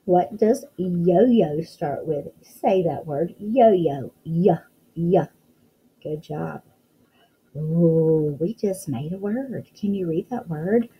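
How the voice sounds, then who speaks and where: A woman teaching a phonics lesson to young children, talking in a slow, sing-song, encouraging way and praising often. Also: lowish voice, breathy edge, muffled recording. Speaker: kindergarten teacher.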